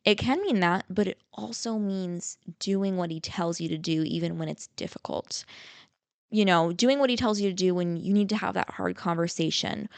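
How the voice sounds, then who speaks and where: A young woman in her twenties hosting a casual faith podcast, telling a story in a chatty, lively way with lots of "like" and "you know". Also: lowish voice, normal speed, creaky, dry recording. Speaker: podcast host.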